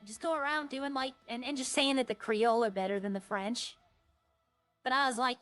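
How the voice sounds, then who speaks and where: A woman's voice: fairly high pitch, fairly even intonation, moderate pace, a bit bright, dry recording, faint music behind. A woman streaming a roleplay game, chatting casually and jokily to her viewers in a rambling way.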